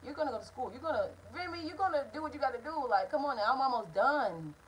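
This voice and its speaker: A woman in her twenties telling a profane, animated storytime to camera from home. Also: high-pitched, quick pace, a little hiss or hum, low-quality recording. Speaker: vlogger. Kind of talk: storytime vlog. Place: at home indoors.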